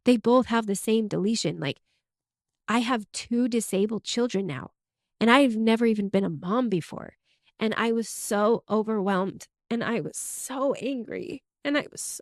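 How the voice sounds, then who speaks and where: A woman's voice: on the high side, normal speed, no echo. Young woman podcaster telling her story, emotional, lots of likes, dry close mic. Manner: emotional, open, frequent "like" fillers. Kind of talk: candid personal storytelling.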